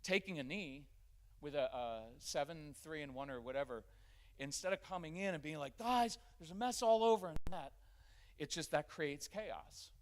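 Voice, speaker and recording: A middle-aged man giving a live workshop talk in a church, energetic and conversational. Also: on the high side. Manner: energetic and conversational, acting out quick family scenes. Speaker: parenting workshop speaker. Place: church gathering with a live audience.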